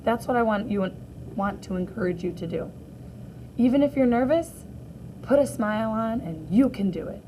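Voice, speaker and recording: A woman teacher reading a graphic novel aloud to children, gently reading out the captions and sound effects too. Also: a little high, lively intonation, normal speed, slight background noise, rough recording.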